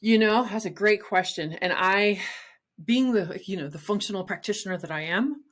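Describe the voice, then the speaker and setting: A woman's voice: mid-range voice, moderate pace. A middle-aged woman talking candidly and bluntly as an interview guest, with emphatic, casual phrasing. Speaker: guest, nutrition practitioner.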